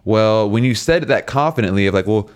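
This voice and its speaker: A man with a fairly low voice tells a story in loose, casual chat. He rambles, restarts and swears freely. He chuckles through the telling. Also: lively intonation, a little fast, clean tone. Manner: rambling, profane, laughs through his stories.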